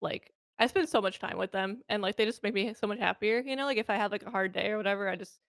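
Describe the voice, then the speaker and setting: Female guest, relaxed and easygoing, mid pitch, dry sound. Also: fast, creaky, no echo. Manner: relaxed, lots of "like" and "you know". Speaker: guest streamer. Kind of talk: casual interview chat.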